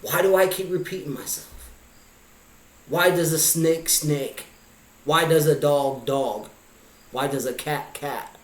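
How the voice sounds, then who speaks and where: A man's voice: fairly high pitch, takes it slowly, long pauses. A man vlogging a pondering monologue of rhetorical questions. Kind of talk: musing monologue. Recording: echoey room.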